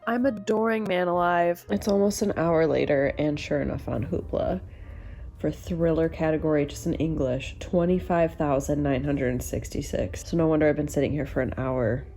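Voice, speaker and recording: A woman's voice: low-pitched, normal speed, dark tone, a little hiss or hum. A young woman vlogging about books at home, chatting casually and informally with her viewers. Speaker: book vlogger. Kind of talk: casual vlog chat.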